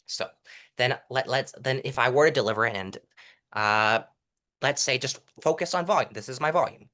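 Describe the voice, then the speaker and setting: A man's voice: mid-range voice, normal speed. A young man in a casual interview, explaining courtroom delivery and acting out example lines to show it. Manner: animated, demonstrates delivery by reciting lines at different volumes. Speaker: interview guest, mock trial competitor.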